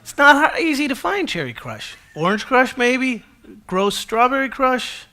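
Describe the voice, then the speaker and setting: A man preaching a sermon to a congregation as their pastor, conversational and animated, with self-deprecating humor. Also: very high voice, measured pace.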